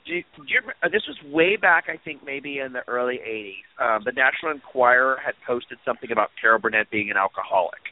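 A man's voice: mid-range voice, animated, fast talker, few pauses. A man co-hosting a casual podcast chat, rambling through stories as he goes. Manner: rambling, chatty storyteller. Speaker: podcast co-host. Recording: tinny phone-like line, dry.

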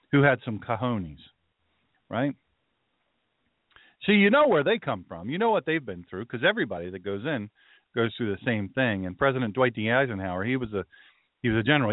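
A man's voice: medium pitch, no room sound. A male pastor hosts his show in a loose, rambling monologue, drifting into asides and then picking up his point again. The sound is narrow like a phone line and completely dry, with no room in it. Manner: rambling, with conversational asides and restarts. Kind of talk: casual podcast monologue.

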